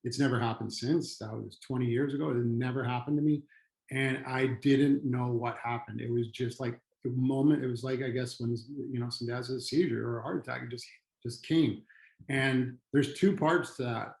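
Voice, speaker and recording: A middle-aged man, a retired firefighter who now trains people on trauma and resilience, telling a personal story in a halting, earnest way with frequent restarts. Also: medium pitch, steady tone, vocal fry, darkish tone, reverberant, poor audio.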